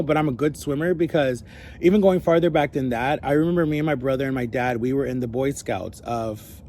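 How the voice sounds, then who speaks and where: A man's voice: medium pitch, slight background noise. Young man rambling through a story. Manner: rambling, animated, acts out quoted voices. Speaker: vlogger. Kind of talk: casual storytelling.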